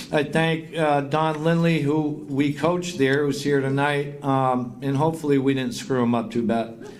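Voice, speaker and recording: Middle-aged guy giving his hall of fame speech, sincere and thankful, reading off names, bit of room hum behind. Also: a little high. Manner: heartfelt, grateful, reads out long lists of names. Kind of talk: acceptance speech. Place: induction banquet.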